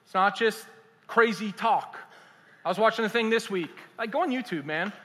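A man, a pastor preaching a sermon in an animated, conversational and humorous way. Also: high voice, normal speed. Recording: echoey hall.

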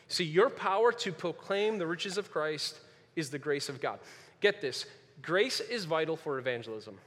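Male pastor preaching, fairly high voice, goes quiet then loud, repeats stuff, church hall echo. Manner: swings from quiet and earnest to loud and emphatic, repeats key phrases. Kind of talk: sermon. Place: church sanctuary. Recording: long reverb of a large hall.

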